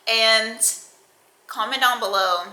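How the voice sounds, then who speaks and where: Bright-voiced young woman telling a story. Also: a little high, slow pace, roomy sound, rough recording. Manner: animated, profane, acts out quoted lines. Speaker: vlogger. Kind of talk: storytime vlog.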